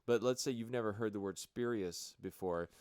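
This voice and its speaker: A man who is the guest, gently prompting with questions and using filler words in a casual chat. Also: on the low side, moderate pace, clear, resonant tone, no echo. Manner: coaxing, prompting questions, uses "like" and "you know". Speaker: podcast guest, teacher.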